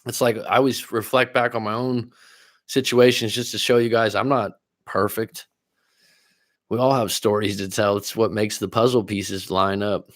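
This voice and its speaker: A man's voice: lowish voice, steady tone, normal speed, dry recording. Laid-back male relationship coach, dry sound. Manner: casual, laughs often, tells personal stories. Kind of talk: livestream chat reading comments.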